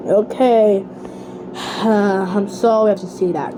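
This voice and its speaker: A woman hosting a homemade cartoon contest, excitable and dramatic, with sudden outbursts. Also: mid-range voice, slow, pauses often, a little hiss or hum, low-quality recording.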